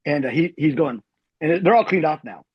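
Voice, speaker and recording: An army veteran in his fifties tells stories quickly and with slangy energy. His voice is high for a man and a bit husky. The recording is dry, dull and lo-fi. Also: dry recording. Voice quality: animated, slangy, says "dude". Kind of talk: casual storytelling.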